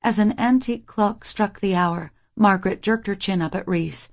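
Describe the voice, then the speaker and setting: A young woman narrating a first-person romance audiobook in an intimate, even manner. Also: medium pitch, normal speed.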